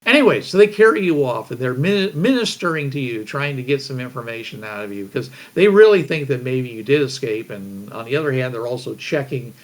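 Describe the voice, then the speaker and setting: A man's voice: medium pitch, lively intonation, fairly quick, few pauses. A man running a tabletop game as game master, rambling with many fillers and restarts.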